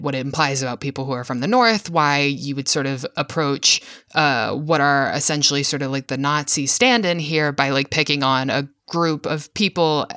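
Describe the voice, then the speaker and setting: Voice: medium pitch, bright, forceful tone, no echo, studio quality. A podcast host delivering a solo film-analysis monologue, hesitant with many filler sounds and frank, casual swearing.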